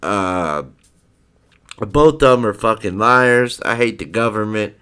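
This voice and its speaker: A man's voice: on the low side, animated, slow, sharp tone, smooth. A man hosting a live stream, ranting heatedly and profanely in a rambling way. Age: adult parent. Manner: rambling with restarts. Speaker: livestream host.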